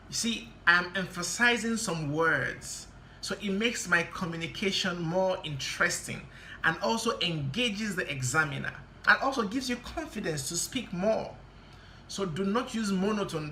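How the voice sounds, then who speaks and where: A tutor giving a spoken lesson with a bright, forward tone, pressing on key words and moving through the advice one point at a time. The voice rings in a roomy, echoey space with a faint hum of background noise. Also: mid-range voice, lively intonation. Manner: deliberate, stresses key words, gives step-by-step tips. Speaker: exam-prep tutor. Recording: roomy echo.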